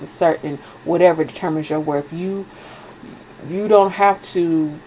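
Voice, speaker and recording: A woman with a low, gravelly voice delivers a spiritual reading with fierce conviction, swearing for emphasis and repeating phrases to hammer them home. Her tone is dark and mellow, and she sounds stuffy with a cold, sniffling between lines. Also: slight background noise, rough recording. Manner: fervent, profane, emphatic repetition. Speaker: spiritual reader. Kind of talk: impassioned oracle card reading.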